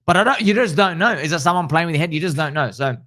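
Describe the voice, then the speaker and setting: A male host chatting casually, excitable and slangy, acting out what others say. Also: on the high side, fast, no room sound, studio quality. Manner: excitable, slangy, acts out quotes. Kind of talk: casual chat.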